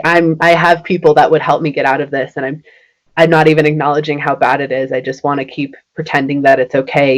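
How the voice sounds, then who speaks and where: A woman in her thirties, a podcast guest, telling a personal story in casual, chatty speech full of "like" and acting out the lines of people in it. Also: low-pitched. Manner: chatty, many "like" fillers, acts out quoted dialogue.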